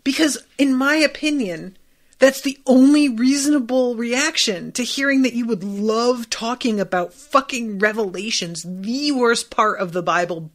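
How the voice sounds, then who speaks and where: A woman hosting a podcast, recapping a TV episode in a casual, profane, animated way. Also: on the high side, unhurried. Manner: animated, profane, bursts into laughter.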